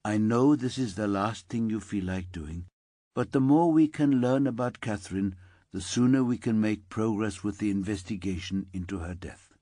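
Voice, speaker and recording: A man voicing a calm, reassuring female police officer in an audiobook. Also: fairly low pitch, moderate pace, dry recording, clean studio sound, natural voice.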